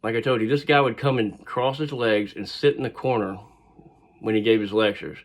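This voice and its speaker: A man's voice: on the low side, fairly even intonation, moderate pace. A man casually telling a personal story, rambling and digressive with frequent fillers.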